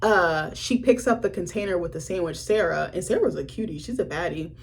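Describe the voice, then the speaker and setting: A young woman casually recapping a film she reviewed, animated and profane, with a husky voice. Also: fairly low pitch, brisk, slight background noise. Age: young adult. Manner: animated storytelling with profanity and laughter.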